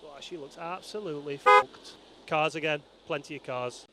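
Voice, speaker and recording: Holding a handheld mic by a race course, a man hosts an outdoor vlog full of jokes, trading banter with passers-by and calling out playfully to passing riders. His voice is fairly high and his speed normal. Faint outdoor street noise can be heard.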